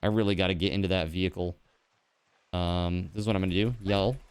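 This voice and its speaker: A man streaming a video game live, chatting casually and jumping into excited high outbursts. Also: fast, clear, resonant tone, dry recording. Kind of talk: live gameplay commentary.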